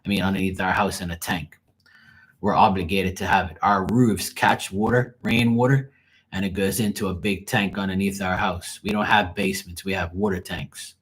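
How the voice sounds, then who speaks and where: A young man, telling a casual, profane and animated story on his livestream. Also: deep voice, moderate pace, husky. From Bermuda. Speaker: livestream host.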